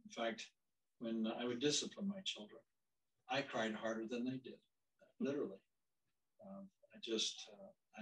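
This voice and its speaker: Older guy teaching church counseling, low voice, kinda far from the mic, chatty with lots of restarts. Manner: warm conversational storytelling with many restarts. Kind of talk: church class teaching with anecdotes. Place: church classroom.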